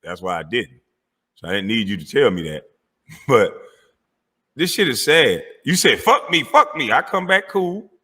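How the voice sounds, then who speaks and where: A man's voice: lowish voice, expressive, a little slow, long pauses, bright, forceful tone, breathy edge, in a large hall. A man giving heated commentary on video clips, indignant, mocking and profane.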